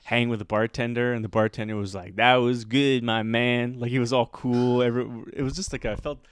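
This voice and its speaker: A man's voice: medium pitch, steady tone, quick pace, no echo, studio quality. A man co-hosting a podcast, a comedian telling rambling stories full of fillers and laughter in casual chat.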